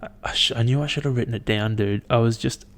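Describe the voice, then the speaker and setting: A young man hosting his own podcast, chatting in a rambling, profane, animated way as he tells stories. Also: medium pitch, quick pace. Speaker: podcast host. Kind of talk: casual solo podcast chat.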